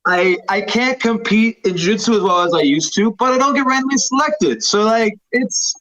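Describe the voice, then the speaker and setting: In a casual podcast chat, a jiu-jitsu instructor in his thirties rambles and self-deprecates, using lots of fillers. His voice sits high with a fairly bright tone at a moderate pace, and the podcast audio is slightly dull.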